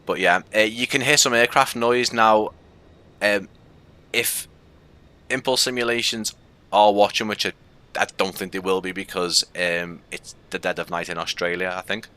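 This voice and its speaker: A man's voice: lowish voice, steady tone, normal speed, sharp tone, smooth. A man with a Scouse accent giving casual, rambling commentary on a live game stream, with frequent fillers.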